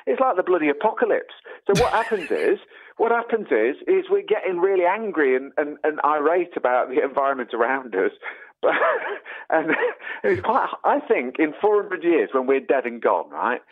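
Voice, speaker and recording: Animated man over a phone-like line. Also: a little high. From England. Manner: chatty and emphatic, calls people mate. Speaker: guest. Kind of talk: casual conversation.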